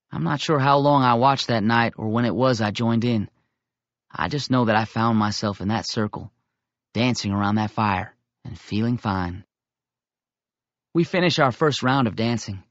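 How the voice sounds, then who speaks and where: A man narrating a first-person audiobook in a steady, measured storytelling voice. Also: mid-range voice, no echo, dull audio.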